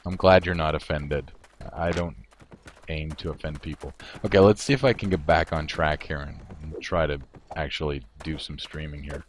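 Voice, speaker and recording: A man's voice: very deep voice, steady tone, normal speed, slight background noise. A male game streamer giving casual commentary. He rambles and thinks aloud, often amused at himself.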